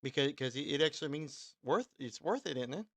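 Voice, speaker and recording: A man's voice: on the high side, lively intonation, a little fast, a bit bright, no room sound. Guy dj rambling through his sign-off, lots of ums, dry close sound. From Kentucky, USA. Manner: rambling, full of ums and restarts. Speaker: radio host and DJ. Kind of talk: casual live-stream sign-off.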